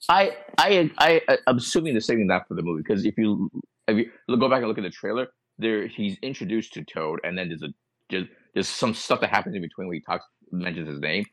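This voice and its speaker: A man with a low voice that moves up and down a lot, co-hosting a podcast. He talks quickly and casually and keeps checking in with "you know what I mean." The sound is dry and close. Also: animated, a bit bright, no echo. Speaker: podcast co-host. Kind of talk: casual chat.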